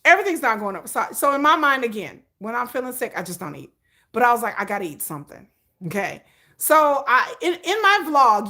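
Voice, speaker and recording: Animated bright-voiced woman livestreamer. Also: mid-range voice, gravelly. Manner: animated, chatty, rambling with restarts and acted-out asides. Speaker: livestream host. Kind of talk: casual storytelling livestream.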